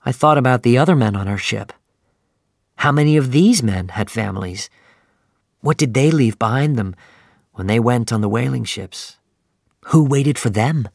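A man narrating a simplified sea novel in a slow, clear, even storytelling manner. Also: mid-range voice, no room sound, studio quality. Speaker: audiobook narrator.

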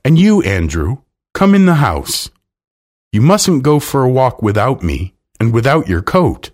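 A man voicing a fussy, anxious woman who frets over her dog, shrill and scolding. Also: sing-song, a little slow.

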